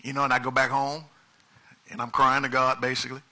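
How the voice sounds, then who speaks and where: A pastor preaching a lively sermon, shifting from quiet asides to loud, emphatic calls. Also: male voice, mid-range voice, a little fast.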